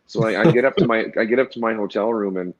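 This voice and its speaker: Man, former goalie, animated storyteller, dull lo-fi sound, quick talker. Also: fairly low pitch. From Canada. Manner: rambling, animated storyteller with many restarts and acted quotes. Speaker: guest, former pro hockey goalie. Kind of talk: casual storytelling interview. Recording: dull lo-fi audio.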